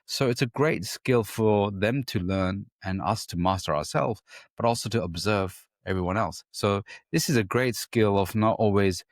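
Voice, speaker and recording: A man's voice: on the low side, normal speed, no room sound, clean studio sound. A man co-hosting a podcast, telling a personal story in casual chat and acting out his own inner voice. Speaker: podcast co-host.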